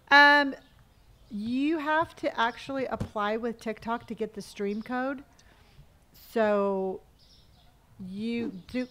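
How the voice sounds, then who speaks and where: A woman's voice: on the high side, fairly bright tone. Chatty middle-aged woman game streamer. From California. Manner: chatty, reads viewer comments aloud and mutters to herself while playing. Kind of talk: casual live-stream chat while gaming.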